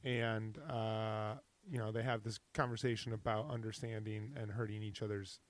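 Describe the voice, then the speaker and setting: A man co-hosting a casual TV recap podcast, halting with fillers and restarts, firmly opinionated. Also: lowish voice, level tone. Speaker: podcast co-host. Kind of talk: casual chat recapping a TV show.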